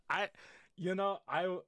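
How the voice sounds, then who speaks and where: A man's voice: sits high, extremely slow, sharp tone, no room sound, clean studio sound. A man hosting a comedy podcast, teasing his co-host, rambling and laughing often. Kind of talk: casual comedic chat.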